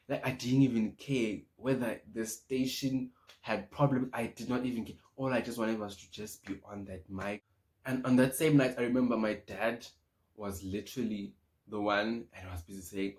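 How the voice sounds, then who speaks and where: A young man from Swaziland, a YouTuber, telling a personal story to camera in a casual, animated way, acting out his past thoughts. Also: on the low side, normal speed.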